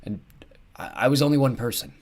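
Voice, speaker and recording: A man's voice: medium pitch, animated, voice pushed up, natural voice. A man doing a weary, ancient old man. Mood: halting. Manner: gentle, halting, regretful.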